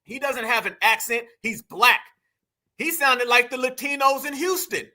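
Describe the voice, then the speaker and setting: A man's voice: very high-pitched, animated, normal speed, pushed and bright. A man, hosting casual reaction commentary, emphatic and profane, calling his viewers fam. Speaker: commentary channel host.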